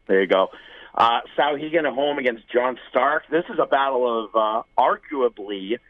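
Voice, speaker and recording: A man's voice: medium pitch, expressive, moderate pace, no room sound, narrow, tinny audio. A man co-hosting a casual sports talk show, easygoing and jokey as he runs through picks and schedules.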